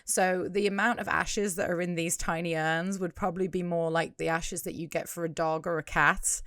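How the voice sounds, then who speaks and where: A woman's voice: lowish voice, fairly even intonation, moderate pace, fairly bright tone, dry recording, clean studio sound. A British woman co-hosting a podcast, picking apart the details of a scene in casual chat. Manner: careful, nitpicking detail. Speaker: podcast co-host.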